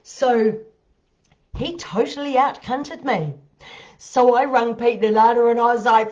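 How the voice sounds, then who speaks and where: A woman's voice: a little high, a little slow, darkish tone. Woman ranting about bad dates, swears a lot, laughs at herself, muffled lo-fi audio. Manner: blunt, heavily profane, laughing asides. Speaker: vlogger telling dating stories. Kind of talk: casual storytelling monologue. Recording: dull lo-fi audio.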